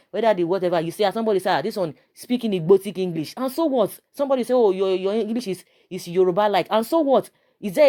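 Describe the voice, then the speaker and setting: A woman's voice: mid-range voice, mellow. A woman with a Nigerian accent giving passionate, preachy video commentary, full of rhetorical questions and stammered repeats.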